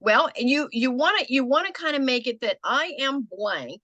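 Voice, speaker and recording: An older American woman coaching a group on business pitches, conversational and animated. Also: normal speed, dry recording, lo-fi sound. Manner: conversational, animated, acts out quoted people.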